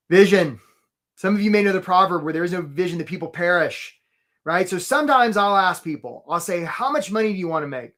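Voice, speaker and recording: A man leads a live online career workshop and speaks in a fairly high, bright-sounding voice. He is animated and chatty, calls out attendees by name, and slips into quick playful voices to act out his points. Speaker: career coach hosting a live webinar. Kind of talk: energetic webinar presentation.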